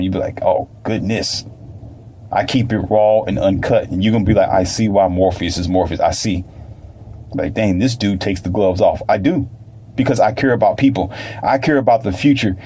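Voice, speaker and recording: Husky, blunt motivational speaker man. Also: on the low side, mellow. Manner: blunt, preachy, repetitive, slangy. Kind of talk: motivational monologue.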